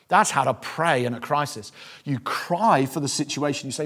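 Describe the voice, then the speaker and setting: A male preacher giving a sermon with passion, swinging from hushed, reflective stretches to loud, fervent appeals. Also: high-pitched, expressive, quick pace.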